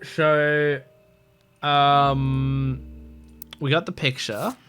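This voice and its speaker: A man with a bright, fairly high voice plays through a mystery game, reading its text aloud. He talks loosely and rambles, with lots of fillers and restarts. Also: level tone, extremely slow, soft background music. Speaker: gamer playing a mystery game. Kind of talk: casual let's-play commentary, reading game text aloud.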